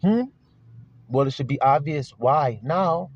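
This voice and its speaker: A man's voice: fairly high pitch, takes it slowly, breathy edge, dry recording. A man preaching a sermon to his flock, repeating key words like a chant and firing rhetorical questions. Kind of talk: sermon teaching. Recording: dull lo-fi dry recording.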